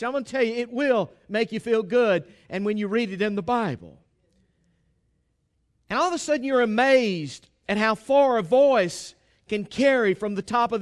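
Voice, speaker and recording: A pastor giving a sermon, retelling a Bible story with humour and acting out the dialogue. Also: male voice, extremely high pitch.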